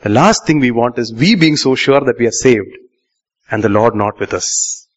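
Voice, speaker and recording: A man's voice: medium pitch, normal speed. A male pastor, preaching a sermon and questioning the congregation, repeating key lines for emphasis. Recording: muffled live sermon recording.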